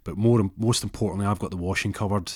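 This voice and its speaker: A man's voice: fairly low pitch, fairly even intonation, fast, husky, no room sound, clean studio sound. A man playing a boastful, over-eager husband who works as a car dealer, blustering about looking after his wife. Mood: fussy.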